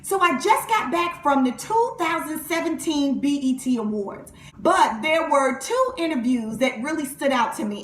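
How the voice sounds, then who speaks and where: A chatty woman hosts an entertainment show, her voice high and bright in pitch. The recording sounds echoey, with faint noise underneath. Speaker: host and interviewer. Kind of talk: entertainment vlog and red-carpet interview.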